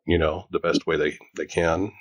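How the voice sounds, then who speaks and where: A man's voice: low-pitched, little pitch movement, moderate pace, breathy edge, no room sound. A man in his forties hosting a casual chat, talking in a rambling, joking way. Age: 40s. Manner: chatty, rambling, self-joking. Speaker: host.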